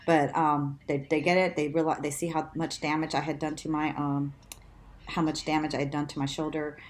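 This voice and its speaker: Low-pitched lady telling a story in an interview, laughs a lot, jumps way up when quoting people. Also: a little fast, slight background noise. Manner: animated, laughs often, acts out quotes in a much higher voice. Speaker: interview guest. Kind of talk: conversational storytelling.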